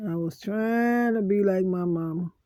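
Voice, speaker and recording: Woman vlogger, emotional monologue, aggrieved and repetitive, dark warm voice, dead-dry sound. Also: medium pitch, no room sound. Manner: aggrieved, repeats phrases over and over; slow, heavy pauses.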